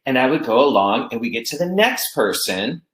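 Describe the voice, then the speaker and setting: Male music teacher presenting online, animated delivery, echoey room sound. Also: medium pitch, normal speed, slight background noise. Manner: explains classroom games, speaks chants in rhythm.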